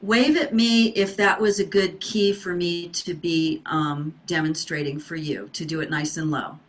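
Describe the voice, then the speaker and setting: A woman's voice: fairly low pitch, fairly even intonation, a little slow. A middle-aged woman teaching an online singing workshop over a video call, encouraging the class to wave and respond.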